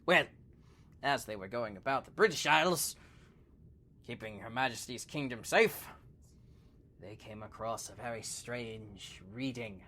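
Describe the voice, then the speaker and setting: A man's voice: medium pitch, measured pace, pauses often, pushed and bright. A man narrating a children's story in a playful manner and laughing often.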